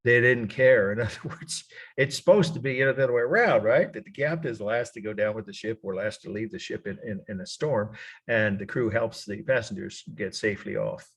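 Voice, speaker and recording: Man, middle-aged, lower voice, husky, college art history lecture, rambling and self-correcting. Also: fairly quick. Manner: rambling, self-correcting, spells names aloud.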